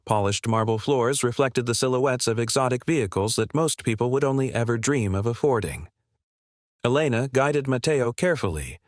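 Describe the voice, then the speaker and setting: A man reading a scripted story in an even, measured way. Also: mid-range voice, dry recording, clean studio sound. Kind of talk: scripted narration.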